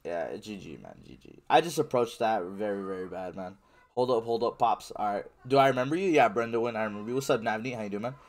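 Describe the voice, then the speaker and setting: A man's voice: fairly low pitch, lively intonation, fast. A male livestreamer casually reading viewer chat aloud and answering it while he plays, in a slangy way. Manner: reads viewer chat aloud and answers, slangy, says "bro" and "man" often.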